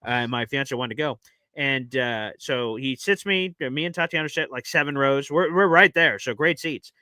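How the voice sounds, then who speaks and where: A man co-hosting a show, chatting casually and telling a rambling story with animated impressions. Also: mid-range voice, normal speed, dry recording. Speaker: podcast co-host. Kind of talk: casual chat.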